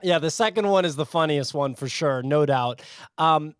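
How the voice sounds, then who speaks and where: Man, podcast host, high voice, pushy joking ad read, dry close sound. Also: normal speed, smooth, no room sound. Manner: pushy, joking sponsor pitch. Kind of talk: casual podcast chat.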